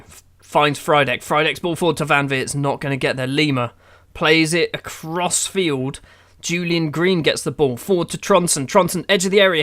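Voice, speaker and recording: A man with a fairly high-pitched voice narrates his football management game as it plays out. He calls the action in quick bursts and groans at his team with dry sarcasm, talking like a casual gaming video host. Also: a bit bright. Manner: exasperated, sarcastic running match commentary. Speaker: gaming YouTuber. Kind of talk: playing a football manager game with live commentary.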